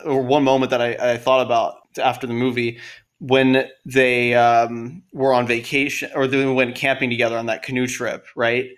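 A man's voice: mid-range voice, level tone, normal speed. A man co-hosting a film podcast, casually and animatedly retelling scenes. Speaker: podcast co-host.

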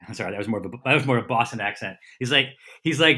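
A middle-aged man, a comedian and TV host, telling a casual, rambling story as a podcast guest and correcting himself as he goes. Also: on the low side. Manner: lively, rambling storyteller with quick self-corrections.

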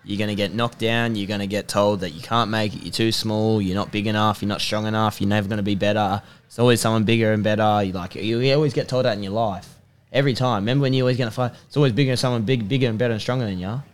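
A man's voice: lowish voice, fairly even intonation, fast. A young man, a podcast guest giving an emphatic, repetitive pep talk. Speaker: podcast guest, personal trainer and rugby player. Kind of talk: motivational casual chat.

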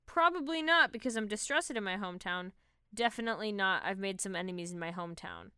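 A woman's voice: medium pitch, lively intonation, quick pace, bright, forceful tone, smooth, dry recording, clean studio sound. A woman co-hosting a casual podcast, reading quiz questions and answer options aloud in a matter-of-fact way. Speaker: podcast co-host.

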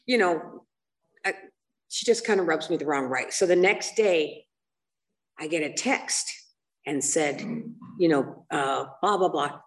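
Rambling older woman, low voice, distant mic. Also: a little slow, long pauses. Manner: rambling and candid, with frequent fillers and asides, self-mocking. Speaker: speaker sharing at a recovery meeting. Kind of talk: candid personal testimony. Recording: voice picked up from a distance.

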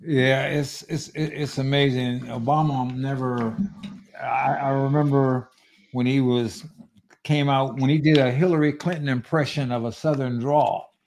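A man's voice: medium pitch, fairly even intonation, a little slow, a little mellow. A man hosting a political podcast, talking in an emphatic, preachy, conversational way. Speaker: podcast host.

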